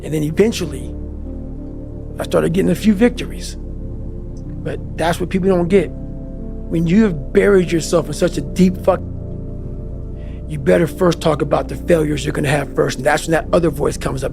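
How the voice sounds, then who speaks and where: A man's voice: fairly high pitch, moderate pace, creaky, long pauses. A man giving a passionate, emphatic motivational talk as a podcast guest, swearing often and pressing hard on his points. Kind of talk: intense motivational monologue. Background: faint background music.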